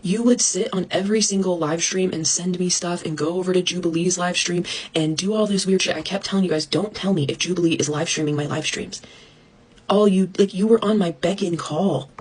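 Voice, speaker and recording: A young woman ranting to her followers about online drama, indignant, fast-talking and swearing, mocking others in a higher voice. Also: a little mellow, slightly rough, poor audio.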